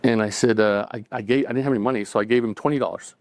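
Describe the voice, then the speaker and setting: Before a live audience at a cafe event, a man tells a true story conversationally, acting out the dialogue and chuckling between lines. His voice is fairly low and fairly even in intonation, and he talks very fast.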